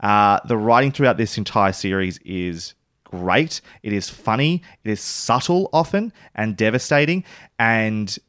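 A man, co-hosting a podcast in casual chat, talking in a loose, rambling way and halting over his words. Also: lowish voice, lively intonation, a bit bright, smooth, no echo, studio quality. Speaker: podcast co-host.

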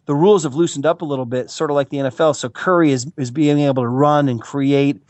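An American man, a regular pundit, talking sports in a casual, animated way with playful mock emotion. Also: mid-range voice, fast talker, no echo. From United States. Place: California, Bay Area.

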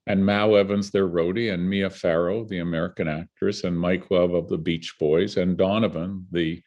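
A man's voice: sits low, moderate pace, highs cut off. An older man from Canada, a guest telling vivid stories in conversation and laughing between them. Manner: animated, vivid storyteller who laughs between anecdotes. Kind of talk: storytelling in conversation.

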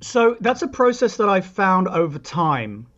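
A man's voice: high-pitched, sing-song, measured pace, fairly bright tone, muffled recording. A man, a composer explaining his ideas in a thoughtful, reflective interview. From England. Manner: thoughtful, reflective, with frequent restarts and asides. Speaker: composer, guest.

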